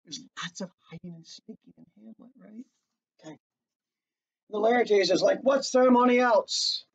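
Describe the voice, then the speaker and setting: A man's voice: moderate pace, breathy edge. A man lectures to a class and bursts into the play's lines as he goes. He is picked up from across a classroom, so he sounds distant. The recording is dull and muffled. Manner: lively, acts out lines with big pitch jumps. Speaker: teacher. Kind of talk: classroom lecture with dramatic readings.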